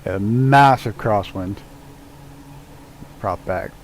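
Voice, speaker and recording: A man's voice: fairly low pitch, very slow, a little hiss or hum, low-quality recording. A man streaming a flight sim at home, chatting loosely with viewers and swearing freely while working the controls. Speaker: live streamer. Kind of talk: casual live-stream chat while flying a flight sim. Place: at home with his dog nearby.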